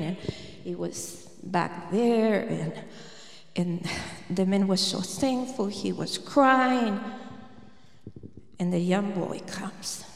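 A woman preaches slowly and earnestly, taking her time over each phrase. She acts out the words of the people in her story. The sound carries a long, roomy echo, as if from a large church hall. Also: mid-range voice, a little mellow. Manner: earnest, acts out what others said. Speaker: speaker at a prayer gathering. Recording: echoey hall reverb.

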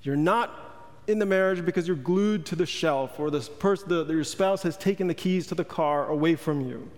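High-voiced male pastor, reverberant church. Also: normal speed, a little mellow. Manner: conversational, joking, questions the congregation. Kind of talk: sermon. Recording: long hall reverb.

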